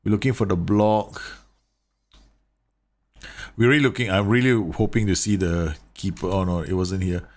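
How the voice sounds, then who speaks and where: A man's voice: deep voice, fairly even intonation, moderate pace, long pauses. A man giving casual, chatty commentary on football management game tactics, talking straight to his viewers and laughing at his own slips. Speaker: gaming YouTuber reviewing tactics.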